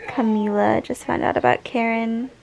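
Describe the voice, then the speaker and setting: A woman's voice: fairly high pitch, steady tone, normal speed, creaky, darkish tone, a little hiss or hum, rough recording. A young woman reacting to a TV finale, gasping and gushing over each scene. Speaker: reaction vlogger. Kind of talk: emotional TV reaction commentary.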